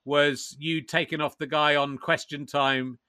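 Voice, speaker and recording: A man hosting a podcast interview, chatty and eager, quickly agreeing with his guest. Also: on the high side, flat delivery, bright, forceful tone, smooth, no room sound, studio quality. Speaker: podcast host. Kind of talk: casual chat.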